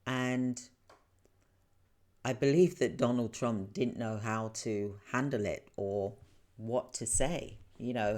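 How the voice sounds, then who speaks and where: A man talks through his thoughts at a slow, unhurried pace, in a voice of ordinary middle pitch. He rambles and circles back, halting and restarting, leaning on the same filler phrases again and again. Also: darkish tone. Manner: rambling, repeats "for example" and "you know"; halting, with restarts and drawn-out pauses. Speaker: commentator. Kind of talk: casual spoken commentary.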